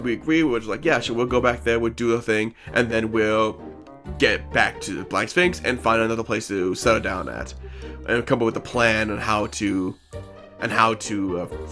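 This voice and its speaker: A man's voice: mid-range voice, a bit bright. A man casually recapping a tabletop role-playing session, rambling with frequent restarts and playful sound effects. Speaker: player recapping a tabletop campaign.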